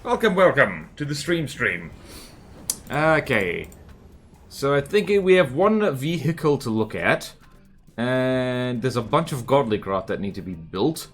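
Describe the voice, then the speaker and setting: Lively Australian man streaming. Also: medium pitch. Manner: chatty, jokey, quick to laugh. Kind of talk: casual live-stream chat over gameplay.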